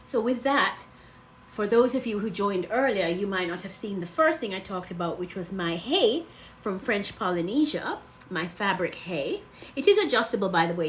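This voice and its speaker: A woman's voice: medium pitch, fairly bright tone, a little hiss or hum. Gushing, chatty woman vlogger. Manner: gushing, chatty, laughs often; rambling, loses her train of thought. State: emotional, close to tears. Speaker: travel vlogger. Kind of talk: casual livestream chat.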